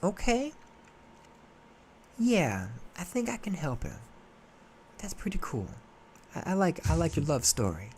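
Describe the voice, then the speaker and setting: Man putting on a cocky god-king, raised pitch, laid-back bro slang. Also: huge pitch swings, unhurried, long pauses, darkish tone, a little hiss or hum. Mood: breezy. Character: cocky male king of the gods, casual bro.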